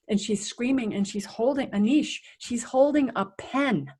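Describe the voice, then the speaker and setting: A woman's voice: a little high, normal speed, few pauses, slightly rough. Middle-aged woman telling a vivid story. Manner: vivid, animated storyteller who acts out scenes. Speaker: guest, resilience coach. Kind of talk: personal storytelling in a podcast interview.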